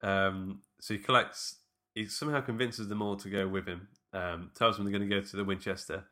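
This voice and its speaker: A man's voice: lowish voice, fairly even intonation, brisk, pushed and bright. A man casually retelling a film with a friend, laughing often and quoting lines.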